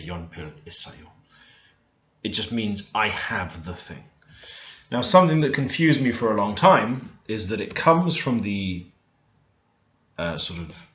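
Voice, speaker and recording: A man teaching beginner vocabulary in a relaxed, thinking-aloud way, often stopping to correct himself. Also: fairly low pitch. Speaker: language learner teaching Korean. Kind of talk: screen-recorded language lesson. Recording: roomy, dull lo-fi screen recording.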